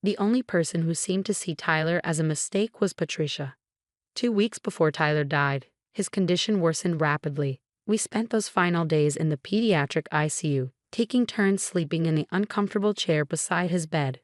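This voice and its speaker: Calm, low-voiced young woman narrator. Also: no echo, clean studio sound. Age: young adult. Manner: calm, measured storytelling. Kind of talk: scripted first-person story narration.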